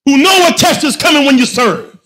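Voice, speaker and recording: High-voiced preaching man. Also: lively intonation, brisk. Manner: preaching, swings from soft to shouting; rhetorical questions, slangy asides. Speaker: imam. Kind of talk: Friday sermon.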